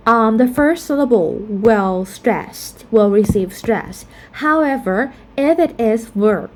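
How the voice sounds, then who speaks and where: Slow, careful woman teaching phonetics. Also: a little high, a little mellow. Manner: explanatory, repeats example words slowly. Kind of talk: casual recorded lesson.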